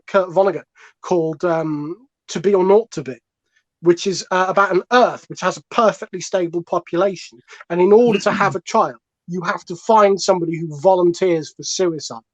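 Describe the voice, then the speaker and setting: A man's voice: sits high, moderate pace. A man talks through a comic podcast argument, rambling and digressing and swearing freely. The sound is dull and lo-fi, and the dry recording has no room echo at all. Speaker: comedian panelist.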